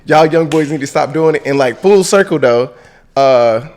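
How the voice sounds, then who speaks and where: A man's voice: fairly high pitch, moderate pace, a little mellow. A young man co-hosting a podcast, retelling a trip in a loose, slangy, laughing way. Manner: laid-back slangy storytelling, laughs at his own impressions. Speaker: podcast co-host. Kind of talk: casual travel recap chat.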